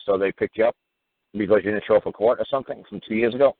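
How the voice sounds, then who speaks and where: A man's voice: lowish voice, very fast, no echo. Blunt, profane male talk show host. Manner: blunt, profane and sarcastic, rising to ranting. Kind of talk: call-in radio show. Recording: tinny phone-line sound with faint noise.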